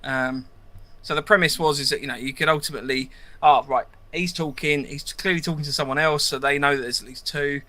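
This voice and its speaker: A man with a fairly high, bright voice talks casually on a podcast. He tells stories with a laugh and pokes fun at himself. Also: steady tone, a little fast, few pauses, dry recording. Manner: chatty and laughing, self-mocking. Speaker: podcast co-host.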